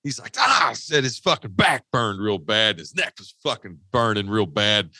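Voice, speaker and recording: A man's voice: fairly low pitch, lively intonation, normal speed, pushed and bright, no echo. A man co-hosting a podcast, telling a rambling, profane story with lots of restarts. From West Virginia. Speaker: podcast co-host. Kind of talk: casual storytelling. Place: podcast studio.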